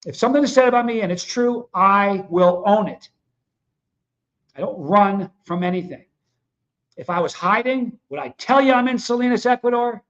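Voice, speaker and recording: A man's voice: high voice, moderate pace, a bit bright. A man hosting his own livestream, talking casually and bluntly to his viewers in a fired-up, confrontational way. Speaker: host of a livestream show. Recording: dull lo-fi sound.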